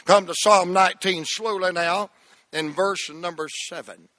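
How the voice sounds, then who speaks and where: High, bright-voiced preaching man. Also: steady tone, a little slow, no echo, studio quality. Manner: call-and-response preaching, rising to shouts. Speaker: pastor. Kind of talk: sermon.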